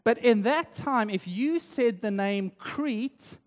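South African-raised pastor in reverberant hall. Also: male voice, very high-pitched, expressive, takes it slowly, few pauses. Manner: conversational, tag questions like "right?". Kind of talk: sermon.

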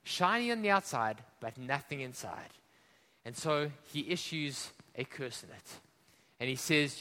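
A male preacher from Africa delivering a sermon, impassioned, swinging between loud emphasis and hushed drops and asking the congregation questions. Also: fairly high pitch, normal speed, big-room sound.

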